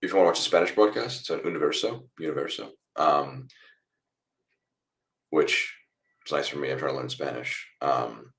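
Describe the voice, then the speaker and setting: This is a young man with a remarkably deep, low voice, hosting a live football watchalong stream. He talks casually to his viewers and walks through each play as he watches. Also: moderate pace, gravelly, pauses often. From United States. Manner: chatty, reacts loudly to goals then explains calmly. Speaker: watchalong host.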